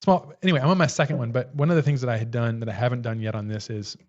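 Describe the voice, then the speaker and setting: A man's voice: medium pitch, fairly even intonation, racing, darkish tone, lo-fi sound. A man co-hosting a casual livestream, rambling as he shows off a tool kit on camera. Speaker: livestream co-host.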